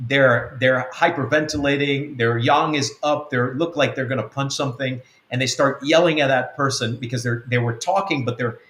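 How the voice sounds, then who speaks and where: A spiritual coach and mentor with a medium-pitched, slightly bright voice gives conversational teaching on a web-church show, recorded with a roomy echo. He wanders through his points with lots of ums and acts out bits of quoted dialogue.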